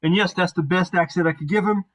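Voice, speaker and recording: Self-deprecating game master, male, slightly higher pitch, online session. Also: fairly even intonation, fast talker, poor audio. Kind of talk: narrating a tabletop game over a voice call.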